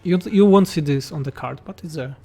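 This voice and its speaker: A man's voice: fairly high pitch, fairly quick, warm tone, breathy edge, faint music behind. A man from Poland with a Polish accent, a game mod developer reading chat questions aloud and answering them bluntly and jokingly on a livestream.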